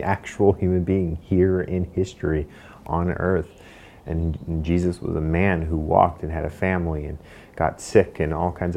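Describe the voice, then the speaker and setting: Male pastor, calm measured sermon delivery, dark flat low voice. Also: gravelly.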